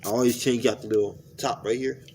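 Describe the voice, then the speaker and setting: A man chatting casually as a street interviewer, coaxing and reassuring, counting out loud as he works. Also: medium pitch, steady tone, a little fast, a little hiss or hum. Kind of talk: casual chat. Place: outdoors in public.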